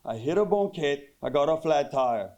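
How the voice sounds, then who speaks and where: A man's voice: on the high side, animated, normal speed, a little mellow, muffled recording, lightly acted. A man voicing his exasperated Cajun girlfriend, who rattles off complaints in local slang. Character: exasperated Cajun girlfriend, young woman, fussy.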